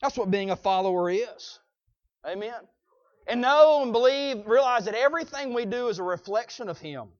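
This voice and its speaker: A male preacher delivering an emphatic sermon, punctuating his points with "Amen?" and swinging from shouts to quiet asides. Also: very high voice, lively intonation, normal speed, no room sound. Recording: dull, dry lo-fi recording.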